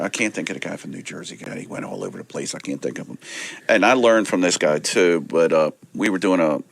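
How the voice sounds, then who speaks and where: Low-voiced male guest, wrestling promoter, animated storyteller, dry sound. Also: gravelly, no room sound. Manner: animated, acts out quoted people. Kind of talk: casual storytelling.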